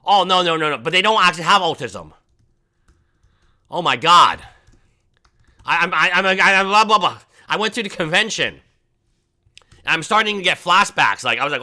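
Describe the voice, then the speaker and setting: A man hosting a livestream, chatting casually and rambling, often mimicking people in a high mocking voice. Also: animated, moderate pace, pauses often, bright, forceful tone. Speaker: livestream host.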